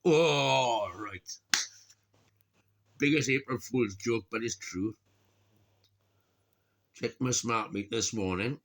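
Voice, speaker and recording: A man's voice: medium pitch, slow, pauses often, a bit bright. A middle-aged man from Wales, rambling and grumbling to camera, swearing a lot and laughing at his own remarks. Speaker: vlogger. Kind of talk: rambling casual monologue.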